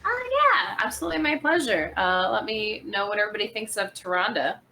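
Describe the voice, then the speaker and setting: A woman's voice: mid-range voice, big pitch swings, a little fast, pushed and bright, low-quality recording. A woman guest chatting casually over a call, eager but hesitant, often restarting her sentences.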